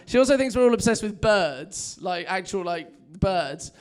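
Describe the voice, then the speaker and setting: A young man with an English accent and a notably high-pitched voice works the room in a comedy club. He talks in a chatty, self-mocking way and laughs at his own lines. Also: animated, normal speed, clean tone. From England. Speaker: stand-up comedian. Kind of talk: stand-up set. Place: comedy club with a live audience.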